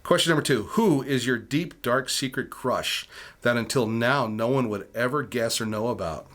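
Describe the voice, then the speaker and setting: A man's voice: mid-range voice, normal speed, a bit bright. A man in his forties, co-hosting a podcast in an easygoing, agreeable way. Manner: laid-back, easygoing, agrees a lot. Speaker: podcast co-host. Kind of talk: casual chat.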